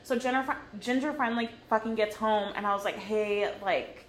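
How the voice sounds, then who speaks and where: A young woman in her twenties tells a story on a podcast with a slightly high voice and lots of swearing. She talks animatedly in casual chat. The room echoes around her, with a faint background hiss. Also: fairly quick. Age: 20s. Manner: swears constantly, animated retelling. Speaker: podcast co-host.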